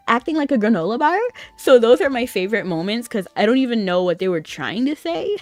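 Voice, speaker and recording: A VTuber in her young adult years talks briskly on a gaming stream, her fairly high voice swinging widely in pitch. There's no room sound, just soft background music, as she rambles chattily with plenty of "like."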